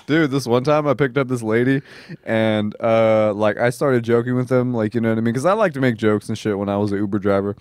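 A man's voice: mid-range voice, fairly quick, a little mellow, smooth, no echo, studio quality. A man hosting a podcast, telling rambling, profane stories full of quoted dialogue in a casual chat. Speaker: comedian host. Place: podcast studio.

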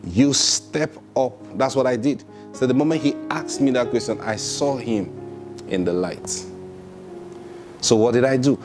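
A man's voice: mid-range voice, a little slow, over music. A male pastor preaching a sermon, driving points home with emphatic rhetorical questions and acting out prayers in quoted voices. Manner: acts out prayers and replies in quotes.

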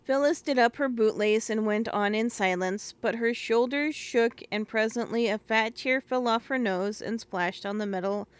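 A woman narrating a classic children's novel as an audiobook, measured and gentle. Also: fairly high pitch, clear, resonant tone, no echo.

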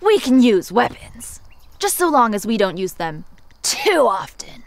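Woman as a flirty female assassin, lively pitch, dry close sound, offhand. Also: unhurried, dry recording. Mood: breezy. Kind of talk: comedic fan-film acting.

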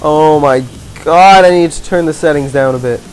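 A man giving gaming commentary as a let's play host, ranting in exasperation, swearing and yelling at the game. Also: a little high, normal speed, faint music behind.

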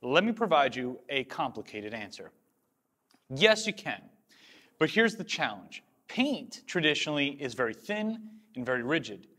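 A man's voice: medium pitch, big pitch swings, moderate pace, pushed and bright. A man hosting a car-customizing video, explaining his results to viewers in a casual, upbeat way. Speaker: host of a car-dipping channel.

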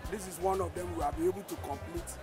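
A man, a community development official, giving a halting on-site briefing about local projects, with many restarts. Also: high-pitched, fairly even intonation, over music.

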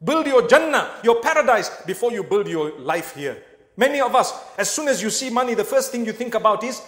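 A man's voice: high-pitched, expressive, brisk, echoey room, long reverb tail. A man preaching a sermon in a mosque, earnest and speaking straight to his listeners with questions. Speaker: Islamic preacher.

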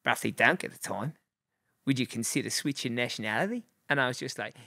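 Gravelly Liverpool man telling stories. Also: mid-range voice, animated, quick pace, sharp tone, dry recording, studio quality. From Liverpool, England. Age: 40s. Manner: rambling anecdotes with fillers and chuckles. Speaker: guest. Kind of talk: casual storytelling.

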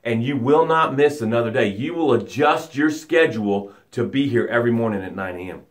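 A man hosting a live motivational broadcast as a life coach, talking dramatically and guiding slow breaths, swinging from loud emphasis to a hushed voice. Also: medium pitch.

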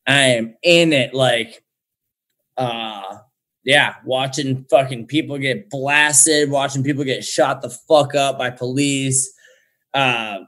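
A man's voice: mid-range voice, steady tone, slow pace, a bit bright. A young man, a podcast guest on a remote call, telling a story in a loose, slangy way and swearing heavily. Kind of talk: casual storytelling.

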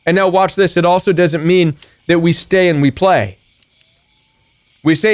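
High-voiced preachy male coach. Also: steady tone, unhurried. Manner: preachy, emphatic, acts out quoted retorts. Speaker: recovery coach. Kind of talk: motivational talk.

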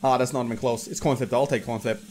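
A man's voice: mid-range voice, steady tone, racing, a little mellow. A young man streaming casino games, commentating casually as he rambles, jokes and swears freely. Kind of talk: casual live gambling commentary.

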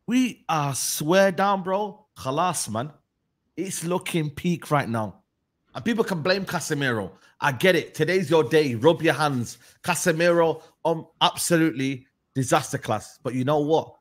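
A man's voice: fairly high pitch, unhurried. A man ranting about his football team in heated, slangy banter. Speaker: football fan.

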